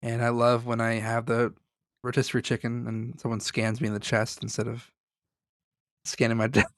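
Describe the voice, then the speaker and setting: A man chatting as a podcast co-host, loose and joking, with casual swearing. His voice sits at an ordinary middle pitch. It is recorded close and dry with no room sound. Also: completely flat delivery, normal speed, dry recording. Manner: casual, swears freely, jokey asides.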